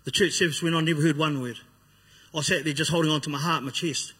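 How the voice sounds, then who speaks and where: A man's voice: a little high, steady tone, fast talker, fairly bright tone, slightly rough. A man telling his personal testimony, blunt and raw, acting out what he once said. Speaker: speaker giving a personal testimony. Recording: long hall reverb.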